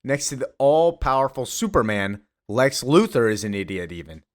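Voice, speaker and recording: A man's voice: medium pitch, sing-song, moderate pace. A man casually retelling a comic story, rambling along with frequent fillers and restarts. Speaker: comics commentator.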